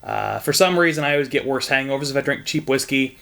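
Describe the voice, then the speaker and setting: A man's voice: medium pitch, expressive, fast talker, gravelly, sharp tone. A young man from Southern Indiana giving a frank, joking whiskey tasting review, with the odd curse.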